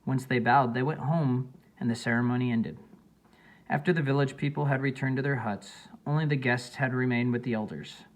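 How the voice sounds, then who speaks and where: A man narrating an audiobook in a plain, steady reading voice with small slips. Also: mid-range voice, moderate pace.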